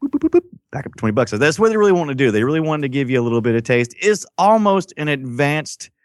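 A man co-hosting a casual gaming podcast, rambling and animated, acting out quotes as he tells stories. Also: medium pitch, rapid-fire, no echo, clean studio sound. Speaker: podcast co-host.

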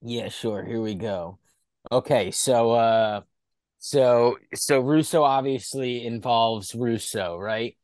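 A man co-hosting a casual comedic wrestling podcast, telling a joke scenario with animated storytelling and acting out quoted lines. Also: medium pitch, slow pace, no echo, studio quality. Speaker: podcast co-host.

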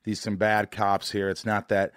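A man's voice: fairly low pitch, completely flat delivery, moderate pace, fairly bright tone, clean tone, no echo, studio quality. An American man hosting a podcast, talking in a rambling, joking, loose interview style. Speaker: podcast host. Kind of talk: casual interview chat.

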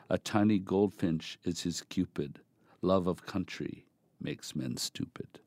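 A man reading a poem aloud in a measured, deliberate recitation. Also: low-pitched, darkish tone, no room sound, studio quality. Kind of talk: poetry reading.

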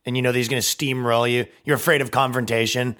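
A man's voice: mid-range voice, flat delivery, quick pace, fairly bright tone. A man hosting a comedy podcast, ranting in a profane, mocking way and slipping into silly put-on voices. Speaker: podcast host.

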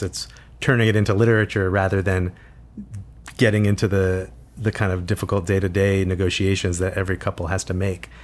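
A man with a fairly low voice talks through his experiences in an interview. He is reflective and unhurried, stopping and restarting his sentences as he searches for the right words. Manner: thoughtful, halting, with frequent restarts. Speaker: author guest.

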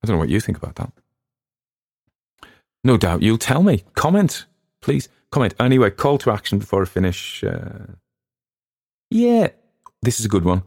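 A man's voice: fairly low pitch, sing-song, moderate pace, long pauses, darkish tone, no room sound, studio quality. An English man hosting a podcast, chatting casually in a rambling, digressive way with frequent restarts. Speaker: podcast host and reader.

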